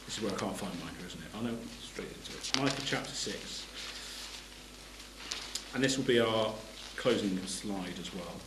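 A man's voice: fairly low pitch, normal speed, reverberant, background noise. A man giving a sermon. He reads scripture aloud and explains it plainly, stopping to restart his phrases. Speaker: preacher.

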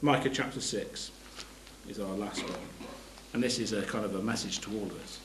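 A man's voice: fairly low pitch, moderate pace, echoey room, background noise. A man giving a sermon. He reads scripture aloud and explains it plainly, stopping to restart his phrases. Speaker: preacher.

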